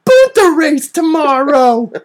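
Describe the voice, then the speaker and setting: A man voicing an excited, wide-eyed little boy hero in a shrill, squeaky, drawn-out child voice. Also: soft background music, heavily acted. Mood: eager.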